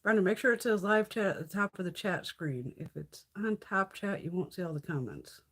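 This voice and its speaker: A woman's voice: medium pitch, animated, fairly quick, husky. A woman hosting a casual beauty livestream from her phone, telling stories full of swearing and laughter. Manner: profane, laughing storyteller.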